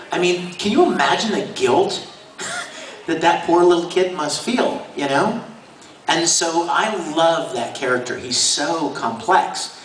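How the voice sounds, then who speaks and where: At a convention panel, a male voice actor guest tells stories to the audience with enthusiasm and frequent laughter; his voice is fairly high and fairly bright. The clip was shot on a handheld camera in the audience, so the hall sounds echoey, distant and noisy.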